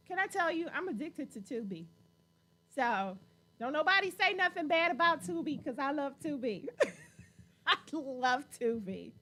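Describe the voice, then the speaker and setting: Lively, high-voiced playful woman host. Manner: playful, laughs often, teasing. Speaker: livestream host reading viewer comments. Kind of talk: casual livestream chat.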